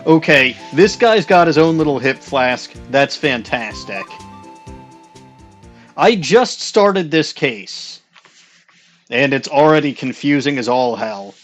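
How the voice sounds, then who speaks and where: A man's voice: medium pitch, soft background music. A man hosting a let's play, reading game text and joking in casual commentary. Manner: animated, joking, quick exclamations.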